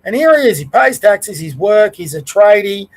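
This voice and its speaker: A middle-aged Australian man hosts his own show, talking in a rambling, conversational way. His voice sits fairly high for a man. He speaks plainly and stops now and then to correct himself. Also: very animated, normal speed, rough recording. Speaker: podcast host. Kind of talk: casual political rant.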